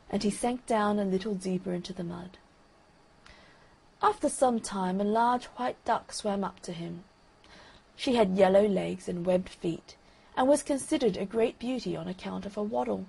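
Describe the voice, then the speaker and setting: A woman narrates a bedtime story in a calm, even reading voice. Her tone has a gravelly texture and a husky, breathy edge, at a middle pitch. The pacing suits a story meant for sleep. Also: normal speed, poor audio.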